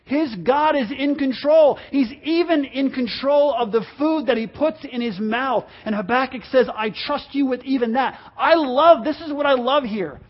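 High-voiced man preaching a sermon. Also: normal speed, hardly any pauses, breathy edge, dull audio. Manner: impassioned preaching, acts out quoted complaints, repeats words. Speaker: pastor.

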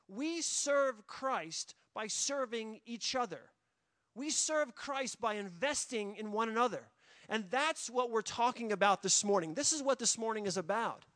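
A man's voice: high voice, fairly bright tone, no room sound. A middle-aged man as a pastor, preaching a sermon and repeating his key phrases for emphasis.

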